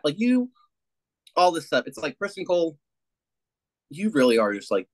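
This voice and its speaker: A man's voice: fairly high pitch, sing-song, moderate pace. A man co-hosting a casual TV review chat, talking in a laid-back, profane way and slipping into mocking quotes. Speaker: podcast co-host.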